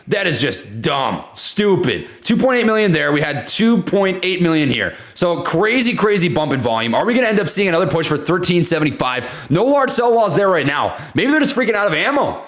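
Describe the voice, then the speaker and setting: A man's voice: sits high, very animated, a little fast, reverberant. Hyped young man calling stock prices. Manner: hyped, shouts and laughs at price moves, repeats phrases. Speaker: stock trading livestream host. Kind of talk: excited live market commentary. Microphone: desk studio mic.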